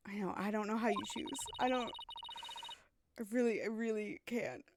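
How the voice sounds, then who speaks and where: A woman's voice: medium pitch, moderate pace, pauses often, slight background noise. A woman game streamer chatting casually and gushing as she plays, often restarting her sentences. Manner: chatty, gushing, self-interrupting. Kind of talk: casual let's-play commentary.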